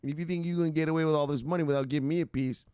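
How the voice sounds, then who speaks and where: A man's voice: a little high, steady tone, rapid-fire, a little mellow, clean tone, dry recording, clean studio sound, pitched above the performer's own voice, close to an everyday voice. A man voicing a tough woman investor who demands her cut of the money, brash and sassy.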